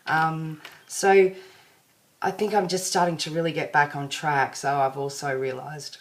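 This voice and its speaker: A woman's voice: low-pitched, level tone, measured pace. An Australian woman chatting to her viewers in a casual vlog, rambling and self-deprecating. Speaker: vlogger.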